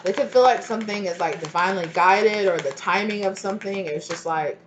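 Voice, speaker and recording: A woman's voice: mid-range voice, fairly quick, reverberant, a little hiss or hum. Chatty woman giving a tarot reading. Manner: chatty, trails off and restarts mid-thought. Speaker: tarot reader.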